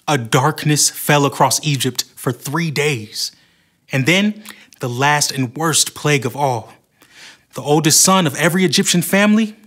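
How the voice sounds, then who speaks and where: A man narrating a Bible story on a children's show with expressive storytelling. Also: on the high side.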